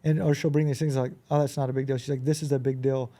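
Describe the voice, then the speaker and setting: A man who is a podcast guest, telling animated anecdotes in a casual conversation and often acting out quoted dialogue. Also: mid-range voice, quick pace. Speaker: podcast guest, business owner.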